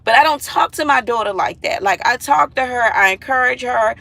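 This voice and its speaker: A woman's voice: fairly high pitch, a little fast, creaky, a bit bright, dry recording, poor audio. A mother talking to viewers in a casual vlog monologue, earnest and emphatic, repeating herself and pleading with listeners.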